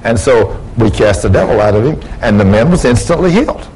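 A male preacher delivers a sermon, telling stories and raising his voice as he acts out the quoted lines. His voice sits in a middle pitch. A faint hiss of background noise runs under the recording. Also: expressive, a little fast, a little mellow, low-quality recording. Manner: storytelling, acts out dialogue with rising emphasis. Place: church before a congregation.

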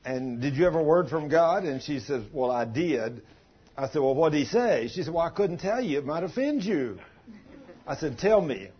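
An older pastor with a drawl tells a homespun story from the pulpit, slipping into country grammar. His voice sits fairly high and husky, and the recording is dull and lo-fi. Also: normal speed. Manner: folksy, animated storytelling with dialect grammar. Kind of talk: sermon with storytelling.

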